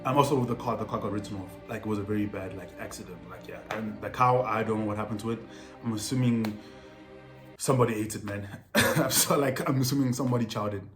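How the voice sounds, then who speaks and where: A young South African man telling a personal story to camera in a casual, animated way, heavy on slang and repeated phrases. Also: fairly low pitch, fast. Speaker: storytelling vlogger. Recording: roomy echo with faint music.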